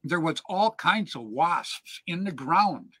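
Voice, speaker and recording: A man hosting a show, telling casual stories in an animated, chatty way and checking in with "right?" and "man". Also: on the high side, slow pace, breathy edge, no room sound. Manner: animated yarn-spinner, peppers lines with "man" and "right?". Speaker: show host. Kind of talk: casual storytelling chat.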